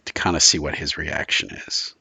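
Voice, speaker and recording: A man narrating a tabletop vampire game as game master, relaxed and loose with fillers. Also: extremely low pitch, normal speed, vocal fry, husky, no room sound.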